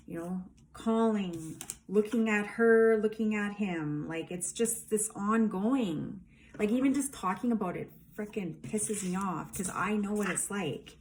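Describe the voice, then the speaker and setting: A woman's voice: medium pitch, a little slow, a little mellow, slight background noise. A woman giving a casual tarot reading, emphatic and rambling, with lots of fillers. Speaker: tarot reader.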